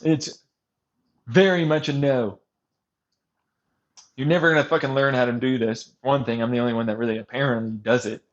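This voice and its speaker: A man's voice: mid-range voice, normal speed, long pauses, lo-fi sound. A man in a casual, rambling rant, swearing often and laughing between points. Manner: profane, laughing, animated ranting.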